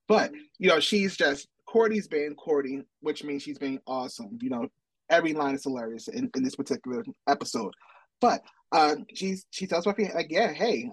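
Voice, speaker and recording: A man's voice: on the high side, no room sound. A man co-hosting a podcast, recapping a TV episode in casual chat. He rambles and corrects himself, and slips into playful quoted asides. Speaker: podcast co-host.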